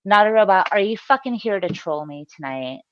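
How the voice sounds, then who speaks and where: A woman's voice: medium pitch, lively intonation, a little fast, dry recording. A woman hosting a livestream voice chat, teasing her guests, swearing and laughing often. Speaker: livestream host. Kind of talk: casual voice-chat banter. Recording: dull lo-fi voice chat.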